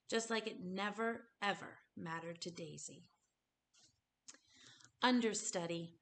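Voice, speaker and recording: A woman actor reading a children's novel aloud in a gentle, expressive storybook manner. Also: medium pitch. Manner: gentle, expressive, slowing on tender moments.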